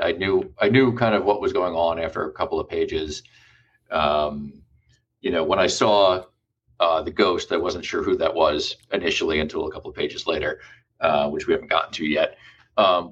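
Deep-voiced man, hesitant podcast guest. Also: a bit bright, highs cut off, a little hiss or hum. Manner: hesitant, many ums and restarts. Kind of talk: casual chat.

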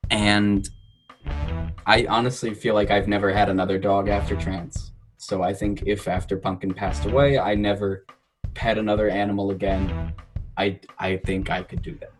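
Low-voiced man telling earnest stories. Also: normal speed, over music, low-quality recording. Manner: earnest, reflective storyteller with bursts of animated laughter. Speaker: podcast guest. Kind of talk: casual podcast chat.

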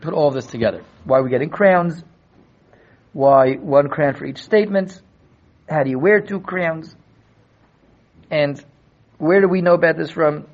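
Talmud class teacher, man, lively and a bit high, stumbles into quick restarts, muffled lo-fi sound. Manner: animated, acts out quoted dialogue; repeats words in quick restarts. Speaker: Torah teacher.

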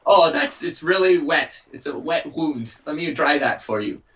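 A man voicing an eager, clumsy young pirate lookout in an improvised comedy, stammering and squeaky. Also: animated, moderate pace, a bit bright. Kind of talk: improvised comedy role-play.

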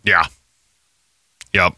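A man in his thirties co-hosts a casual podcast, speaking extremely slowly in a pushed, bright voice with no echo. His banter is rambling and profane, with stories punctuated by frequent laughter.

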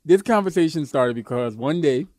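A man's voice: on the high side, animated, moderate pace, a little mellow, dry recording, clean studio sound. A young man co-hosting a podcast in casual chat, rambling and joking with lots of fillers and restarts. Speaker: podcast co-host.

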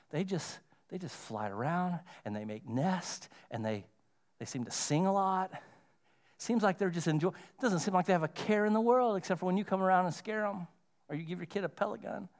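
A pastor with a fairly high voice for a man preaches to his congregation. He talks conversationally, slows down and pauses for emphasis, and hammers his main points home by repeating them. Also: animated, darkish tone. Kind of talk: sermon. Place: church sanctuary.

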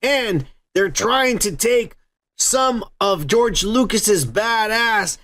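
A man's voice: sits high, expressive, slow pace, sharp tone. A man hosting a podcast in casual chat, ranting and cursing freely. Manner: profane, ranting. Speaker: podcast host.

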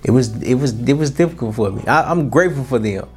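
With a fast, lively mid-range voice, a little mellow and slightly rough, a young podcast host gives a motivational talk that's earnest and colloquial. He frequently starts over and says things twice. Faint music plays behind him.

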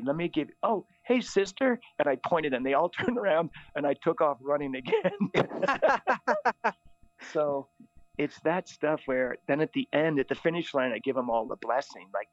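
A middle-aged priest tells his stories with animated energy and often laughs along. His voice sits at an ordinary pitch. The recording is dry and a little dull. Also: no room sound. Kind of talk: casual storytelling. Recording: slightly dull, dry audio.

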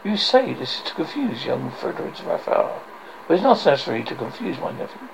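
A man voicing a fat, scheming older villain baron with a rumbling low voice, gloating and commanding. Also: big pitch swings, fairly quick, vocal fry, noisy background. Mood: impatient. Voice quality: rumbling basso.

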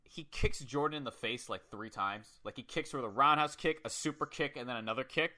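Very bright-voiced excitable man. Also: mid-range voice, fairly quick. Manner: excitable, profane storyteller. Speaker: podcast co-host. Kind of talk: casual wrestling match recap.

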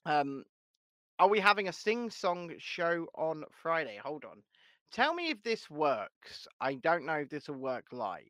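Guy running a live stream, bit high voice, laughs and swears a lot. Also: big pitch swings, measured pace, a bit bright, no room sound, clean studio sound. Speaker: livestream host. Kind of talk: casual live chat.

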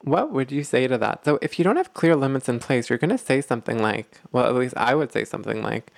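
A man's voice: mid-range voice, lively intonation, fast talker, creaky, few pauses, dry recording. A man hosting a self-help podcast, explaining ideas in a casual, thinking-aloud way that often repeats words. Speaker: podcast host.

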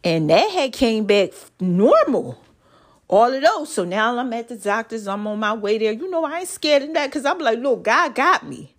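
Chatty woman podcaster, lively high voice. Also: normal speed. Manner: chatty, testifying, addresses listeners as y'all and child. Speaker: podcast host. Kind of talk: casual solo podcast talk.

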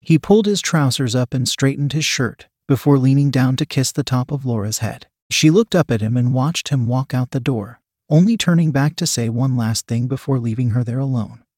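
A man narrating a scripted erotic story in a steady, measured reading. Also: mid-range voice, dry recording, clean studio sound.

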